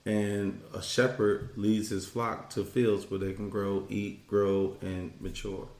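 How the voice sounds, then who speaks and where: A man's voice: on the low side, level tone, slow pace, a little mellow, roomy sound. A man co-hosting a faith-based podcast, talking in an emphatic, preachy way. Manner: preachy, emphatic, acts out quoted voices. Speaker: podcast co-host. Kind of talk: casual faith-based chat.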